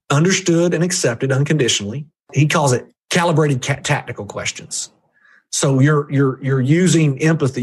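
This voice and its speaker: Male podcast guest, husky voice, punchy coaching delivery with jumpy pitch. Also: darkish tone. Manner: emphatic, jumpy pitch, direct address to listener. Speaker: guest reviewing a book on sales. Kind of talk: energetic coaching talk.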